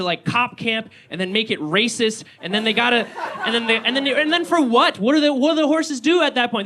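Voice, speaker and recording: A young man doing a stand-up comedy set, excitable and given to yelling. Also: very high-pitched. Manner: excitable, rising to yells. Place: small comedy venue with live audience.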